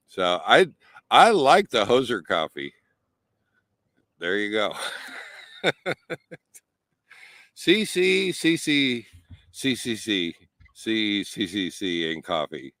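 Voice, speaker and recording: Male livestream host, low and slow, rambling and chuckling as he talks to viewers, dry sound. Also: a bit bright, no room sound. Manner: rambling, chuckling, restarts often. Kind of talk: casual live chat with viewers. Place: outdoors at a desert campsite.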